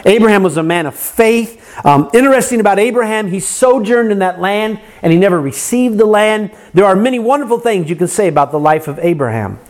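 A man's voice: high voice, lively intonation, brisk, few pauses, a little mellow. A man preaching a sermon, earnest, asking the congregation rhetorical questions and acting out their complaints.

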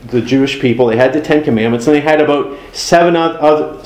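A man's voice: a little high, a little mellow. Echoey preaching man, conversational. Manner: conversational preaching with folksy asides and acted-out dialogue. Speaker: pastor. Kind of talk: sermon.

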